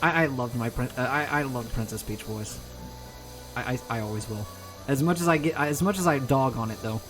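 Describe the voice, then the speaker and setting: A man's voice: medium pitch, a little fast, low-quality recording. Male gaming streamer, mid-range voice, rambling self-mocking chat, faint music behind. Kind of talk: casual chat while gaming.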